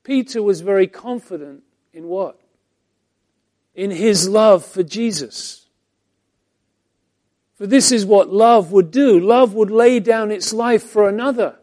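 A man preaching a Bible-teaching sermon as pastor, swinging between emphatic lines and hushed ones. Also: sits high, slow, pauses often.

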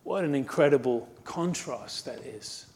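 A man's voice: medium pitch, lively intonation, measured pace, a little mellow. A man preaching a sermon as pastor, emphatic, building to fervent exhortation and repeating phrases in rhythmic lists.

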